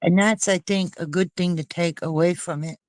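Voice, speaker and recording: A woman's voice: on the low side, fairly even intonation, moderate pace, a little mellow, dry recording. A woman in casual panel chat. She speaks with heartfelt emphasis, and her voice sounds dry and close with no room around it. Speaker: panel co-host.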